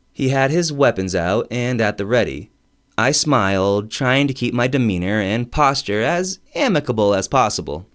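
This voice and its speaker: A man narrating a first-person audiobook story in an expressive, wry storytelling manner. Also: mid-range voice.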